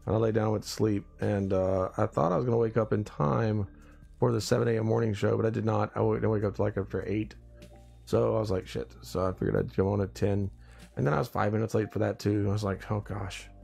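A man's voice: on the low side, fairly even intonation, fast talker, vocal fry, a little mellow, husky, soft background music. A man hosting a casual morning live stream, tired and groggy after little sleep, rambling along and greeting his viewers by name.

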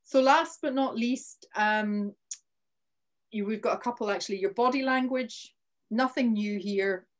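A woman's voice: fairly high pitch, a little slow. Scottish woman, online workshop presenter, chatty, restarts sentences, punches key words, video call mic. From Scotland. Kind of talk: live online training talk.

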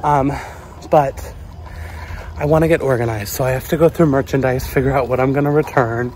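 A man chatting to a handheld camera in a casual, rambling way, full of fillers and asides. His voice sits at a middle pitch. A faint hum of background noise runs underneath. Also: steady tone, a little fast, a little mellow. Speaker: vlogger. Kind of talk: casual vlog narration. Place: walking around a resort, then a hotel room.

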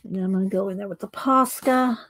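A woman's voice: mid-range voice, fast talker, fairly bright tone. A woman hosting a coloring livestream, chatting casually and murmuring to herself as she works.

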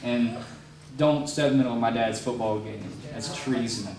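A man's voice: medium pitch, normal speed, a little mellow. A young man giving a rambling, self-mocking speech to a youth group and taking questions from the audience. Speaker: motivational youth speaker. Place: large room before a youth group audience. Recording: echoey room, mic at a distance, crowd noise.

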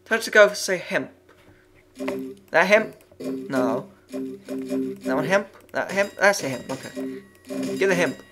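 A man's voice: mid-range voice, lively intonation, slow, pauses often, a bit bright, faint music behind. A man playing a video game and commenting aloud, muttering, swearing often and reading the on-screen text as he goes. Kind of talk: let's-play commentary.

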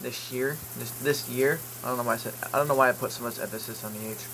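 A man's voice: mid-range voice, fairly even intonation, racing, creaky, bright, forceful tone, slight background noise, low-quality recording. A man vlogging casually as he browses online, reading product listings aloud with jokey, rambling asides and the odd curse word. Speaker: YouTube vlogger. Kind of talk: casual vlog commentary while browsing online.

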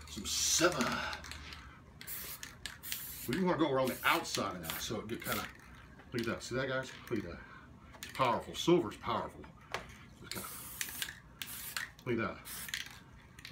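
A man's voice: mid-range voice, noisy background. A man demonstrating abstract painting in his studio, talking in laid-back hipster slang and muttering to himself as he works. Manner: mutters quietly while working.

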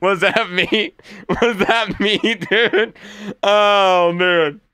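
A man's voice: high-pitched, fairly even intonation, extremely slow, pushed and bright. A young man streaming a game live, joking around and laughing at his own pranks. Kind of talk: live-streamed gameplay chat.

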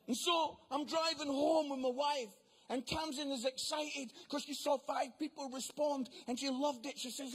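A man preaching in a comic storytelling style, animated and acting out other people's voices, swinging between loud exclamations and hushed asides. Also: very high-pitched, brisk, breathy edge. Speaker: preacher and comedian.

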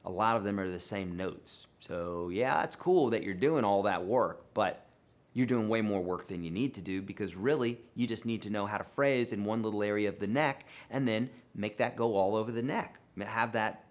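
A man teaching guitar on a live stream, talking in a chatty, rambling way with sudden animated outbursts. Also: lowish voice, normal speed. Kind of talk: live online guitar lesson. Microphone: livestream microphone.

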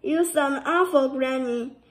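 A woman's voice: high voice, measured pace. Woman reading as Little Red, sweet clever girl. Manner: sweet and polite.

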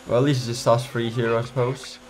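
A man's voice: medium pitch, noisy background. A man giving casual gameplay commentary, frustrated, swearing and trash-talking his rivals. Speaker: gamer.

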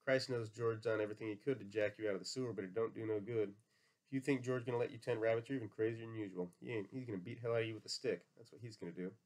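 A man's voice: fairly low pitch, steady tone, very fast, a little mellow, natural voice. A man voicing a giant imaginary rabbit that sneers harshly. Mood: scornful.

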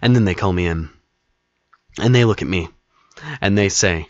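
A man telling a story in a casual, animated way, acting out scenes with dramatic flair. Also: low voice, normal speed, long pauses, no room sound, dull audio.

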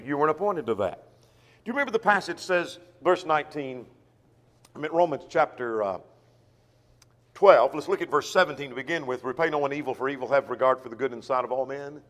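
Preacher man with a higher voice, reverberant church. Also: lively intonation, a little fast, a bit bright. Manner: reads scripture aloud and asks the congregation rhetorical questions. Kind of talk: sermon. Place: church auditorium.

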